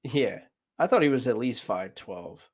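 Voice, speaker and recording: A man's voice: mid-range voice, expressive, a little slow, husky. A man co-hosting a comedy show, reacting to jokes with playful teasing remarks. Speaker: comedy podcast co-host. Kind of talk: casual chat.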